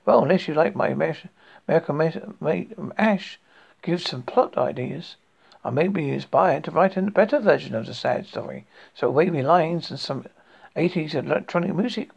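A man's voice: a little high, gravelly, breathy edge. A man in his late fifties, reading his own story aloud as a horror podcast host, rambling with jokey asides and frequent restarts. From United Kingdom. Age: 50s. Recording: dull lo-fi recording.

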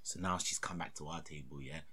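A young man tells a story casually, speaking a little fast in a slightly rough voice. He's animated, acting out the characters' voices with big pitch jumps and laughter.

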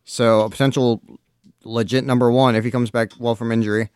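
A man with a smooth, resonant voice runs a casual podcast, hesitating with frequent uhs as he reads sports news. The sound is close and dry, with no room echo. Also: mid-range voice, flat delivery, brisk, darkish tone. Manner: hesitant, many filler uhs. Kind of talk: casual chat.

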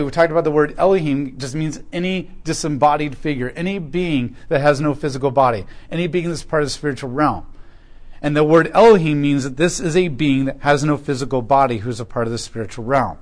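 A man's voice: on the high side, fast talker. A man teaching a Bible lesson in a sermon style, explaining scripture with emphatic delivery. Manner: emphatic, rising and falling in loudness when reading scripture. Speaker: pastor teaching a Bible class.

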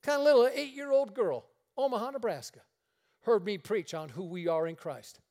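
A high-voiced male preacher tells his stories from the pulpit. He acts out every exchange, shifting his voice for each person in the tale. The sermon is delivered for a radio broadcast. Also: moderate pace. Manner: animated storyteller acting out dialogue. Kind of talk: sermon storytelling.

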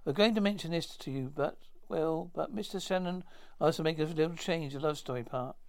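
A man acting a fast-talking character in a 1950s TV drama, with brisk, stagey dialogue. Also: a little high, lightly acted.

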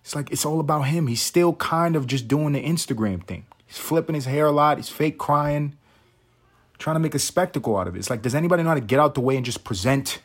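A man's voice: a little high, lively intonation, fast, breathy edge. A man hosting a podcast, talking in a rambling, profane, wry casual monologue. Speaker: podcast host. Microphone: podcast mic.

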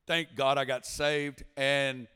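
This Arkansas man in his forties, preaching as a guest, tells his testimony like a vivid story and occasionally shouts. He speaks slowly at a medium pitch with a clean tone, and the large sanctuary gives a long, echoing reverb.

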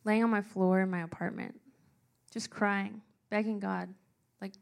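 A young woman telling a personal story to a live audience, earnest and emotional, slowing down for emphasis. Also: medium pitch, flat delivery, vocal fry. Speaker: speaker sharing a personal story.

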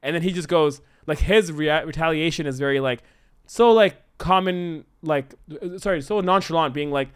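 A man talking through a story pitch in a casual brainstorm, his voice sitting a little higher than most men's. He jumps into his characters' lines as he goes, with lots of likes and restarts. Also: fast talker, clear, resonant tone. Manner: animated, acts out characters' lines mid-pitch.

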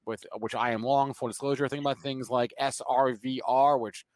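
A man with a New Jersey accent co-hosting a market show, rushing through his points and stumbling over repeated words. The sound is dry and close, with no room around it. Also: medium pitch, fairly even intonation, no echo. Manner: quick, stumbling restarts. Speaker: co-host. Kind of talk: fast casual market talk.

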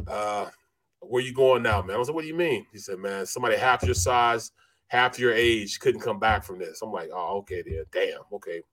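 A man's voice: medium pitch, a bit bright. A middle-aged man spins an easygoing sports story in casual chat, peppering it with bro and man. He acts out the other people in his tale. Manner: laid-back, says bro and man a lot, acts out quotes. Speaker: former NFL lineman, co-host.

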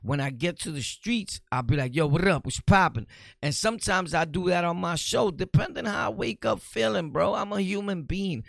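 A man's voice: sits high, normal speed, creaky, hardly any pauses, a bit bright, no echo. A man hosting his own podcast, talking bluntly and rambling in a casual, streetwise way as he answers viewer comments. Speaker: podcast host.

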